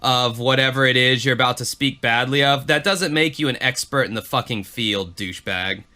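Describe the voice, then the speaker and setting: A man's voice: medium pitch, moderate pace, sharp tone. A man co-hosting a podcast, chatting casually and swearing freely. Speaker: podcast co-host. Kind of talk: casual chat.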